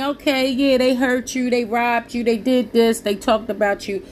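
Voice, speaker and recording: A woman's voice: fairly high pitch, level tone, normal speed, slight background noise. A woman with speech, preaching to listeners in an earnest, pleading, blunt way. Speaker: Christian preacher.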